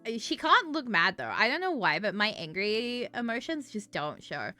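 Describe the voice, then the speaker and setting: A woman's voice: medium pitch, very animated, moderate pace, bright, forceful tone, faint music behind. A woman streamer chatting casually, giggling often and swearing freely.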